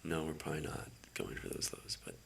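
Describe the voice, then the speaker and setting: A man's voice: extremely low pitch, sing-song, fairly quick, vocal fry, a bit bright, slight background noise. A man muttering his way through a live trading session, frustrated, swearing and often half-whispering. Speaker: trader streaming his own trading session.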